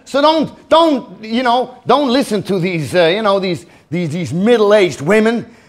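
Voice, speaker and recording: Very high-voiced comedian. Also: male voice, expressive, measured pace. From Netherlands. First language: Dutch. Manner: mock-earnest, stammering repetitions, chuckling. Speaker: stand-up comedian. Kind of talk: live stand-up comedy. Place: theater stage.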